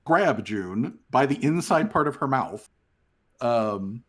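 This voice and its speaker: Unhurried male game master. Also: mid-range voice, animated, a bit bright. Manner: laid-back, many fillers and restarts. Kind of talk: narrating a tabletop game.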